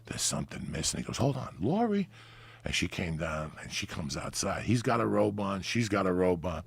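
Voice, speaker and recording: Middle-aged jersey guy, super low gravelly voice, husky, swings up and down a lot. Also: normal speed. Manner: animated, profane, acts out quoted lines. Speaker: podcast guest. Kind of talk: raunchy storytelling. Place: podcast studio.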